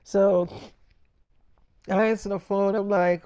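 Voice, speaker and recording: A man's voice: high-pitched, little pitch movement, unhurried, dark tone, smooth, dry recording, clean studio sound. Man rambling through a casual story.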